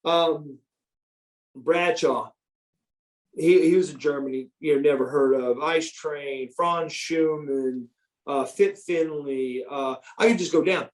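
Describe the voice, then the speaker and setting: A man in his fifties from the United States, a former pro wrestler telling stories as a guest in a podcast interview, animated and profane with many restarts. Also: fairly high pitch, slow, poor audio. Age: 50s.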